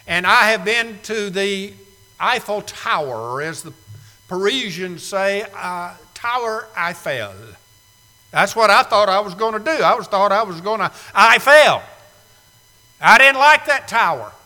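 Male preacher, high-pitched and very bright, emphatic, dramatic loud-to-hushed delivery. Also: long reverb tail, rough recording. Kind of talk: sermon. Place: church sanctuary.

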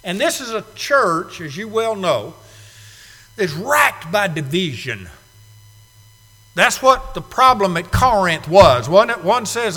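A man preaching a sermon, emphatic, swinging between quiet asides and loud declarations. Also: high voice, sing-song, slow pace. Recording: long reverb of a large hall.

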